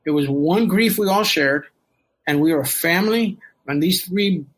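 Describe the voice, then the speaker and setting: Husky middle-aged man, slightly high voice, candid rambling personal storyteller. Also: moderate pace, fairly bright tone, low-quality recording. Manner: candid, rambling, emotional, with laughs and profanity. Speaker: storyteller guest.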